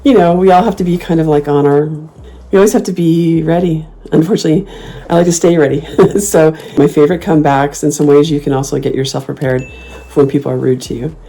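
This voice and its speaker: Hosting a laid-back conversation, this woman spins stories with sass and energy, fairly quickly, frequently laughing and firing off loud, high-pitched mock retorts.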